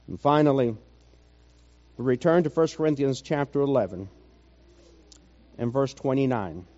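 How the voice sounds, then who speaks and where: A man preaching a sermon, slow and measured, building to fervent intensity and then dropping low and quiet. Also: big-room sound, lo-fi sound.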